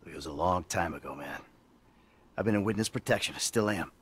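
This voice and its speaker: Game cutscene: jaded middle-aged ex-crook, bright tone, snappy and sardonic. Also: male voice, sits low, fairly quick, a little hiss or hum. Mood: awkward. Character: weary, bitter middle-aged male ex-criminal and father. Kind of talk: video game cutscene acting.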